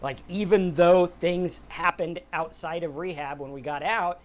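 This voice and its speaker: A middle-aged podcast host with a voice on the high side talks casually and plainly about mental health and sobriety at a measured pace, with few pauses and fairly even intonation. His conversational, motivational talk includes quotes acted out in other voices.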